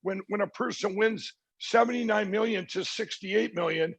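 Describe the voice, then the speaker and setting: A middle-aged man telling a long story in an interview, halting with many restarts and fillers, quoting what others told him. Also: sits high, gravelly, breathy edge, dry recording. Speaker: interview guest. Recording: dry, dull lo-fi sound.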